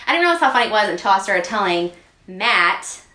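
A woman co-hosting a podcast, telling funny stories in a casual, animated way and laughing often. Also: medium pitch, fairly quick. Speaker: podcast co-host. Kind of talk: casual chat. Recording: roomy echo.

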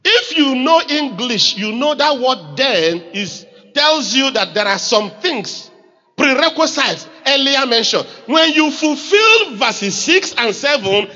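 High, lively Nigerian pastor preaching. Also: male voice, normal speed, highs cut off. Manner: emphatic preaching, calls on the congregation to repeat lines. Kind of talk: sermon.

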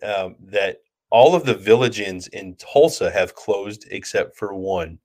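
A man co-hosting a podcast, telling stories in a relaxed, chatty way. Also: fairly low pitch, measured pace. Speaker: podcast co-host. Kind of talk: casual storytelling chat.

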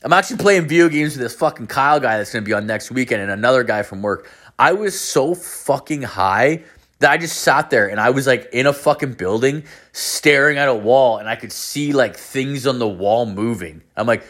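Young male host, bright tone, profane and animated casual storyteller. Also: mid-range voice, fairly quick. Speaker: podcast host.

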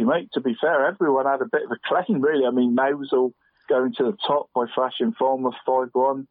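A talkative man co-hosting a casual football show, tossing "mate" into nearly every sentence and chuckling often. His voice is mid-pitched and comes through dry and narrow, like a phone line. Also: no echo. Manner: chatty, says "mate" constantly, laughs often. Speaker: co-host picking team of the week. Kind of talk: casual sports chat.

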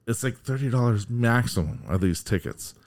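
A man's voice: medium pitch, expressive, moderate pace, darkish tone. A man in casual chat, eager and hesitant, with lots of fillers and restarts. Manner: hesitant and enthusiastic, full of fillers.

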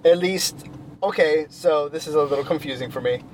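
A man hosting a casual chat in a car, relaxed and laughing often. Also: on the high side, moderate pace. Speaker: podcast host. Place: inside a car outdoors. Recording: street and car noise behind.

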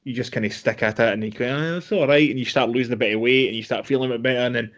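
A Scottish man in his mid-thirties chats as a podcast guest. His talk rambles and is full of swearing, with quoted voices acted out along the way. His pitch sits right in the middle for a man. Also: little pitch movement, rapid-fire, a bit bright. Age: 30s. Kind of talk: casual podcast chat.

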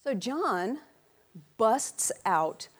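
An animated woman preaching a sermon in a church, swinging from quiet storytelling to loud calls out to the congregation. She acts out the quotes in playful put-on voices. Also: fairly high pitch, extremely slow, slightly rough.

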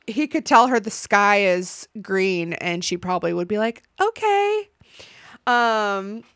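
Smooth-voiced woman recapping reality TV. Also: mid-range voice, no room sound, studio quality. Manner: animated, swearing, acts out quotes. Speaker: podcast host. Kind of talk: casual reality-show recap.

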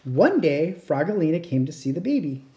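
A woman reads a children's picture book aloud at bedtime in a low, mellow voice. She takes her time, letting her pitch rise and fall widely. She acts out the sound effects along the way. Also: sing-song, brisk. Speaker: storyteller. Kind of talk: bedtime story read-aloud.

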